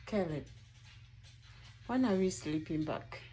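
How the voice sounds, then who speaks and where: A woman's voice: lowish voice, expressive, slow pace, mellow. A young mother vlogging at home at night, coaxing her toddler to name animals and candidly telling the camera how tired she is. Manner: coaxing, teaching a toddler words. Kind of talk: casual family vlog. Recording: noisy home recording.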